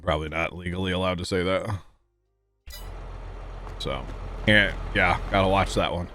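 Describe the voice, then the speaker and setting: Male streamer, low-pitched voice, wry and joking, casual gameplay chat. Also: steady tone, normal speed, pushed and bright, faint music behind. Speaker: game streamer. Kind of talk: casual chat while gaming.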